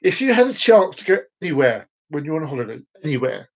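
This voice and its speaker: Male streamer with a high voice, rambling and repetitive, stumbles over words, relaxed solo live chat. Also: quick pace, rough recording. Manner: rambling, repeats phrases, trips over words.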